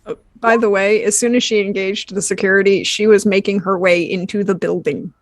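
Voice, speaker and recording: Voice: medium pitch, fairly even intonation, fairly quick, dry recording. A player in a tabletop game, eagerly explaining what her character does. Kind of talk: tabletop role-play chat.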